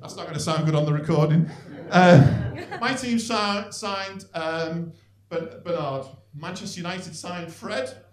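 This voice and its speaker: In a comedy club with echo, slight background noise and audience laughter, a middle-aged Northern English man from St Helens in North West England gives a stand-up set. His high voice is a little slow, with few pauses, and his dry, self-deprecating rambling leans on "really" tags.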